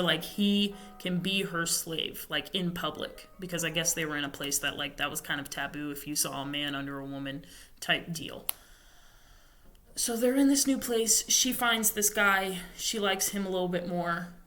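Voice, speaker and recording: A woman's voice: lowish voice, fairly bright tone. A young woman on a podcast casually retelling a novel's plot, rambling with many fillers and self-corrections. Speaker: podcast host. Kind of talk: casual book recap.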